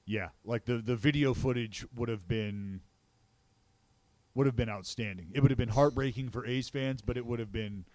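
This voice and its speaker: Excitable swearing man telling baseball stories. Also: mid-range voice, moderate pace, dry recording. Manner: excitable storyteller who swears and gets loud reliving plays. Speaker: baseball broadcaster and podcast co-host. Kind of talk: casual chat.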